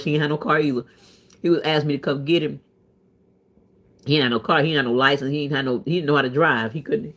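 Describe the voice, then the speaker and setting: A woman in her thirties tells personal stories in a loose, chatty vlog manner. Her voice sits on the low side, and she leans hard into emphasis. Her delivery stays animated throughout. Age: 30s. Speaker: vlogger. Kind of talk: casual storytelling chat.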